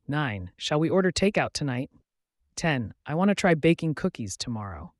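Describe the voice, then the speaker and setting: A man reading numbered everyday phrases slowly and clearly for learners. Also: on the high side, sing-song, dry recording, studio quality. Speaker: English teacher.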